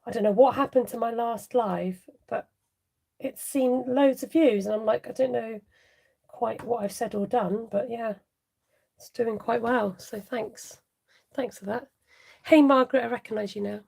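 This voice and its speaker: A woman's voice: fairly high pitch, normal speed, creaky, a little mellow. A woman hosting a chatty live craft tutorial, laughing often and muttering asides to viewers as she works. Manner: talks straight to viewers and reads out their comments. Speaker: papercraft demonstrator hosting a live stream.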